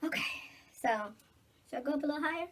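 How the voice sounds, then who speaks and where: A woman's voice: high voice, fairly even intonation, quick pace. A middle-aged woman in casual get-ready-with-me chat, blunt, preachy and full of cursing. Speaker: vlogger.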